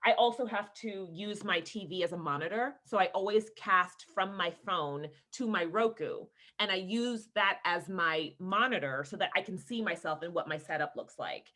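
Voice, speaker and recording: Bright, animated woman on a video call. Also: on the low side. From Houston, Texas. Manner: animated storyteller, laughing, acting out quoted people. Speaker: actress, interview guest. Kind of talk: casual video-call interview.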